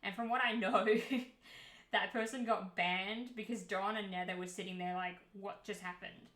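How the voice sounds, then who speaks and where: A woman streamer talking straight to her chat in a bright, clear voice, blunt and unfiltered, with swearing dropped in freely. Her voice sits at an ordinary middle pitch. The room around her gives it a noticeable echo. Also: fairly even intonation, moderate pace. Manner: candid and heated, swears freely. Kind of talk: casual livestream chat. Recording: roomy echo.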